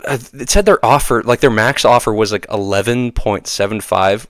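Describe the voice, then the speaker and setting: Man, casual podcast chat, slightly low voice, relaxed, musing, dry sound. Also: moderate pace, no echo.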